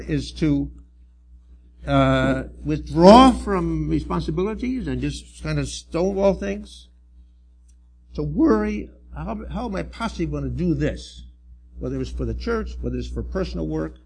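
A middle-aged man, a church elder, preaching a sermon in an earnest, halting way with restarts and emphatic swells. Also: on the high side, gravelly, a little mellow, slight background noise.

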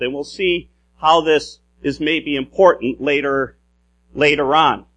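A man's voice: on the high side, fairly bright tone. Man preaching with many restarts. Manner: explanatory, repeats "if you will", frequent restarts. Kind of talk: sermon.

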